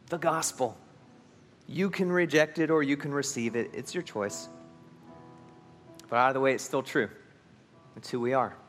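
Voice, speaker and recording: A man preaching a sermon as pastor, earnest, moving between emphatic lines and quiet ones. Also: medium pitch, in a large hall.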